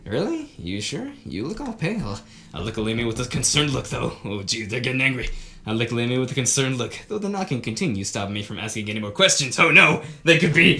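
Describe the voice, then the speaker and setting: A woman reading a visual novel aloud, with theatrical commentary and sudden laughing shouts. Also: a bass voice, very animated, a little fast, faint music behind. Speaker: game streamer.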